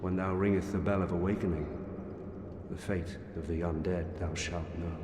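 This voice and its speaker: A man's voice: low-pitched, fairly even intonation, darkish tone, lightly acted. A man as Oscar, a dying undead knight. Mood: weary solemn. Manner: slow, formal old-fashioned speech. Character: dying undead male knight, weary and solemn. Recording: echoey hall with game noise.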